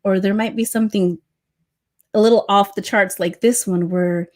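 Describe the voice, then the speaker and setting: Woman, past-life guide, chatty storyteller, middling pitch, lots of fillers. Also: fairly even intonation, moderate pace. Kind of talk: casual storytelling on a podcast.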